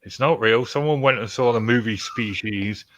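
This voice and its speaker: A man's voice: mid-range voice, moderate pace, fairly bright tone, no echo, lo-fi sound. A man hosting a podcast, reading news stories with joking, sarcastic asides. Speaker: podcast host.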